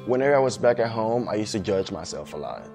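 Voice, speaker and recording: Brief: male recruit, deep sincere voice, reflective, music clearly under. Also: very animated, quick pace. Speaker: Navy recruit interviewed in a documentary. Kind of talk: documentary interview.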